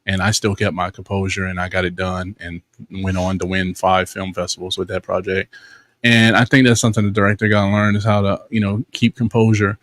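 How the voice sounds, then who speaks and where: A man with a Louisiana accent co-hosting a casual pop culture talk stream. He explains filmmaking in a relaxed way and leans on "you know.". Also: low-pitched, a little fast, no echo, studio quality. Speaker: co-host. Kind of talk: casual chat.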